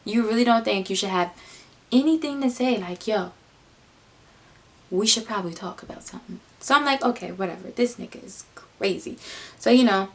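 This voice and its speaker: A young woman telling a casual personal story, animated, dropping into low muttered asides. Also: brisk, long pauses. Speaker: vlogger.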